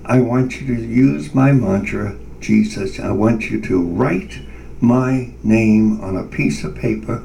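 Man doing a calm holy voice inside, low and slow, kinda gravelly, bit far from the mic. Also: slight background noise. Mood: solemn. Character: calm divine male inner voice, gently commanding.

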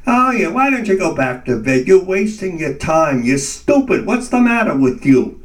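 A man's voice: sits high, sing-song, normal speed, recorded from a distance, pitched above the performer's own voice. A man putting on a sneering inner voice. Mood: mocking. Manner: taunting, scornful. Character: sneering, mocking inner voice, male, spiteful.

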